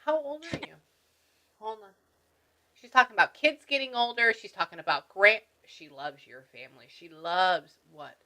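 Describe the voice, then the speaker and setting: Bright, excitable woman medium. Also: medium pitch, moderate pace, low-quality recording. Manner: excitable, laughs often, relays what a spirit says. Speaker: spiritual medium. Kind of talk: reading session for a client.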